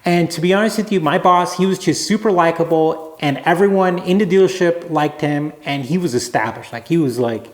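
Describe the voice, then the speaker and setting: A man telling a rambling, relaxed anecdote to camera as a vlogger. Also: fairly high pitch, a little fast, hardly any pauses, echoey room. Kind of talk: casual storytelling to camera.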